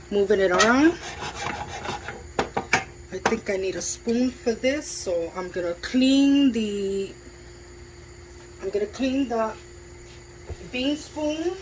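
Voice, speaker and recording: Over a noisy background and the sizzle of food in a pan, a home cook vlogger with a voice on the high side talks from her stove. She narrates her cooking casually for viewers, upbeat and chatty.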